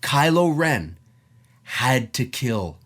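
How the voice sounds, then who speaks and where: A man talks straight to camera in a heated opinion rant, his pitch leaping up and dropping low. He swears freely and slips into the voices of the people he quotes. His delivery is emphatic and restless, pushing each point hard. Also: sing-song, very slow, fairly bright tone. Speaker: film commentator.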